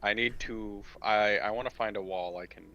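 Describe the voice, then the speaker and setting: A man playing a tabletop game, talking casually and a little hesitantly. His voice is low with a sharp, bright edge. The recording is dull with faint background noise. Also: fairly even intonation, moderate pace. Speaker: player.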